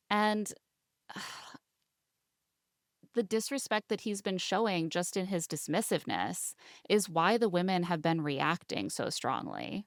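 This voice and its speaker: A young woman co-hosting a podcast, recapping a reality show in animated, indignant casual chat. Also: fairly low pitch, measured pace, dry recording, clean studio sound. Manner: animated, indignant, quotes people in mocking voices. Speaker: podcast co-host.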